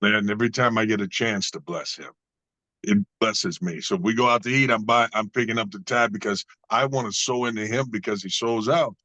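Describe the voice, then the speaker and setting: A man's voice: lowish voice, brisk, sharp tone, dry recording, low-quality recording. Earnest storytelling man, dry close sound. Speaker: guest. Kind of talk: storytelling in a conversation.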